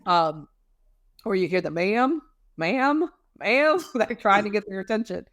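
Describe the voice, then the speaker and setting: Woman guest, mid-pitch, chatty explainer, dry close sound. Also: normal speed, a bit bright, dry recording. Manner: conversational, many fillers, explains with homely images. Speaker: guest expert on emotional regulation. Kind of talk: casual explanatory interview talk.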